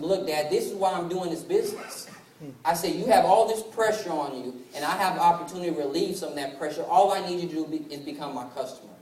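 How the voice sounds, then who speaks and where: A man in his twenties giving a motivational business presentation, telling stories and acting out family dialogue. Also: on the high side. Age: 20s. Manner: storytelling that acts out family dialogue. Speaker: sales presenter. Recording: echoey hall from far off, faint ambience.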